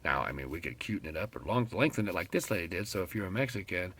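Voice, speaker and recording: West virginia guy vlogging, gravelly lowish voice, blunt and cussing a lot while he rants. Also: fast talker, hardly any pauses. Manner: blunt, profane, animated storytelling. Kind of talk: casual ranting vlog.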